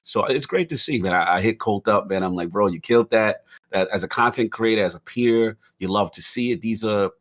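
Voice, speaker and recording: Low-pitched man, casual podcast chat, animated, emphatic. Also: fairly quick, hardly any pauses. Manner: animated, emphatic, repeats "you know what I'm saying". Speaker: podcast panelist.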